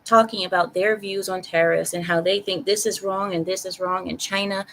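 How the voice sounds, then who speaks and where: A woman giving her opinions on a casual live stream, talking straight to her chat in an animated way and repeating phrases for emphasis. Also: mid-range voice, normal speed, a little hiss or hum, low-quality recording.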